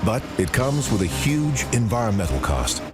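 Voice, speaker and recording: A man reading scripted documentary narration in a measured, explanatory way. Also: mid-range voice, very animated, loud music behind the voice.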